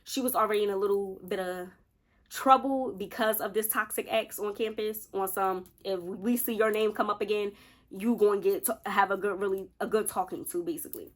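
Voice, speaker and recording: A woman's voice: mid-range voice, fairly even intonation, a little fast. A woman in her twenties casually telling a storytime to her viewers, chatty and direct. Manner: chatty, addresses viewers as y'all. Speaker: vlogger.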